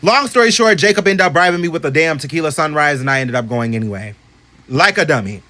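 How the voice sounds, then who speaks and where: A man telling a spooky story to camera in an animated, chatty, profane way. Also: quick pace. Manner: animated, profane, chatty, swings into high voices for others.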